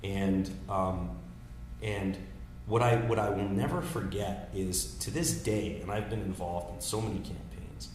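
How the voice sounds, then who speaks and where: A man in his thirties, a political strategist, telling campaign stories in casual, animated talk with many restarts. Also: low-pitched, unhurried. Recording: echoey room with faint noise.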